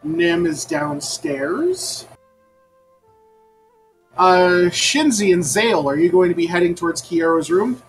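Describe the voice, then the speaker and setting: A man narrating as game master of a tabletop game, pausing often with ums and uhs. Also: high-pitched, animated, faint music behind, poor audio. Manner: halting, with many ums and uhs.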